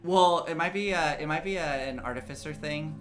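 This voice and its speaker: A man's voice: fairly high pitch, fairly quick, a bit bright, faint music behind. A man running a tabletop game as game master, narrating in a casual, rambling way with many fillers.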